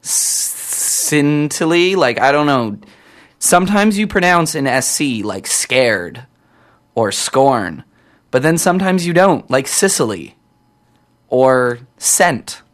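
A young Canadian campus radio DJ talks slowly at medium pitch, his voice swinging widely up and down. His on-air chat is casual and rambling, straying off topic with frequent self-corrections.

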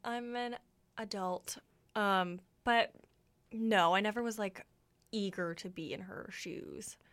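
A woman's voice: mid-range voice, takes it slowly, a bit bright. A young woman co-hosting a radio show, chatting casually with lots of fillers and giggles. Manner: chatty, fills talk with "like", giggly. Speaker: radio co-host. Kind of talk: casual chat.

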